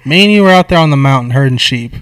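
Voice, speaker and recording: Talking very fast in a mid-range voice, this young podcast co-host swears constantly as he retells a film's plot. It's casual conversation, delivered with lively, profane, slang-filled energy.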